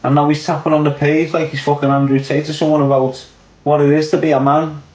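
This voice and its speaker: A man's voice: on the high side, flat delivery, fast, darkish tone. A man with a Liverpool accent ranting on a podcast, blunt and sweary, repeating his points for emphasis. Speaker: podcast commentator. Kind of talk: opinionated podcast rant. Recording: echoey room.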